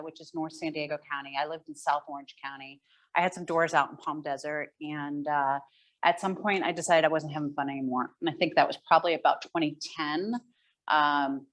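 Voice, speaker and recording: Lowish-voiced woman telling her career story. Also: a bit bright. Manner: conversational, candid, with frequent fillers. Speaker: guest speaker. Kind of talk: fireside chat storytelling.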